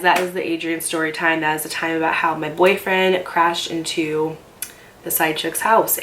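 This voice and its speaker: A young woman with a somewhat low voice tells a dramatic personal story for her vlog. She talks in an animated, emphatic way and swears freely. A faint hiss sits under her voice. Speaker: YouTuber telling a personal story.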